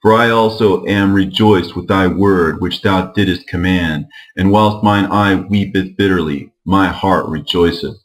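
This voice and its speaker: A man voicing Sarah, an aged mother lamenting her son in slow, archaic speech. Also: low voice, fairly even intonation, low-quality recording. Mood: mournful. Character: grieving aged mother, Sarah, wailing woman.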